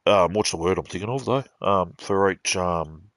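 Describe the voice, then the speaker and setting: A man's voice: deep voice, moderate pace, fairly bright tone, no echo. Sweary Australian man ranting, dry sound. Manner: sweary, blunt, grumbling. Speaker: gaming streamer. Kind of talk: casual ranting while playing.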